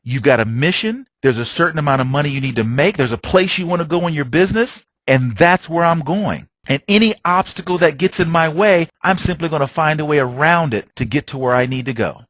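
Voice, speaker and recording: A man's voice: a little high, fairly quick, few pauses, a bit bright, no room sound. A man training travel agents in a motivational sales talk, telling stories and asking rhetorical questions. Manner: preachy, storytelling with rhetorical questions.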